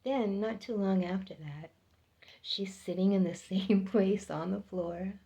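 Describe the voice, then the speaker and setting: A middle-aged woman telling a personal story in a casual, unhurried way, getting animated when she quotes people and laughing between lines. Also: medium pitch, creaky. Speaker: storyteller sharing personal experiences.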